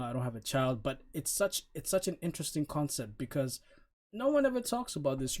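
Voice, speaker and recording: A man talks through an album track by track, blunt and dismissive. He speaks in a middle-pitched voice, casually, with frequent "uh"s and restarts. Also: darkish tone. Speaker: album reviewer. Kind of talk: casual opinionated review.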